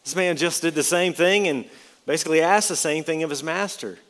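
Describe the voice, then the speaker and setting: A man's voice: a little high, a little fast, fairly bright tone, in a large hall. A man preaching an expository sermon, emphatic, with his voice rising and dropping for effect.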